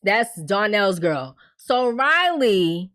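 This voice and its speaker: A woman's voice: mid-range voice, sing-song, very slow, fairly bright tone. A woman giving a casual, slangy recap of a TV episode, telling it like a story and acting out the quotes. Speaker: TV show reviewer.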